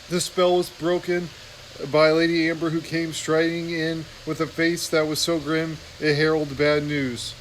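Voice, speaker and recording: A man chatting casually and then narrating a novel aloud, relaxed with small self-corrections. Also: a little high, a little slow, a little hiss or hum, low-quality recording. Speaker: audiobook reader. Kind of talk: casual chat and story narration.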